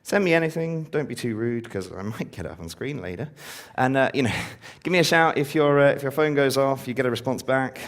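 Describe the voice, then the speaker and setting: A man with a medium-pitched voice and lively intonation gives a casual live-coding talk at a conference, speaking fairly quickly with few pauses. He's full of ums and uhs and turns upbeat when he engages the audience.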